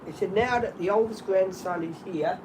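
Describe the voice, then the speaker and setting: A middle-aged Australian man rambling through animated stories in casual chat, often laughing. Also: sits high, moderate pace, noisy background.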